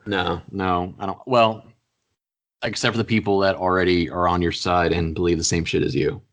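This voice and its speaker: A young man co-hosting a podcast, talking in a blunt, profane and animated casual chat. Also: sits low, normal speed. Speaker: podcast co-host.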